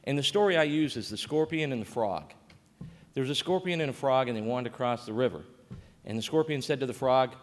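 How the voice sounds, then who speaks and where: A man giving a conversational conference panel talk as a state coordinator, with frequent fillers and restarts. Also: medium pitch. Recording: reverberant conference hall.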